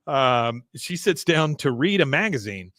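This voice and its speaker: A man's voice: medium pitch, big pitch swings, a little slow, fairly bright tone, no room sound, clean studio sound. A man hosting a podcast, casually recapping a TV episode in a rambling, laughing storytelling manner. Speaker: podcast host.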